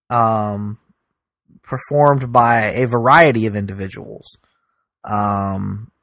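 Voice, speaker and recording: A man co-hosting a podcast in casual chat, with a dry, deadpan, grumbling manner. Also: mid-range voice, no echo. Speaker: podcast co-host.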